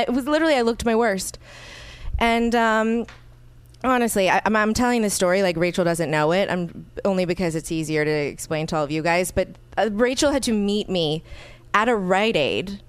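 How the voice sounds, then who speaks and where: A woman hosting a podcast, telling a story in a lively, animated way, acting out the people in it and swearing freely. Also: medium pitch, moderate pace, clear, resonant tone, dry recording. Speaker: podcast host. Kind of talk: casual storytelling chat.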